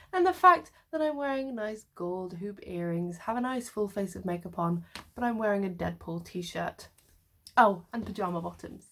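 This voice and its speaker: A woman in her twenties chatting to camera in her bedroom, rambling along with wry, self-mocking asides. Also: medium pitch. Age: 20s. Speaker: vlogger. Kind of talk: casual chat to camera. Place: her bedroom, sitting on the floor.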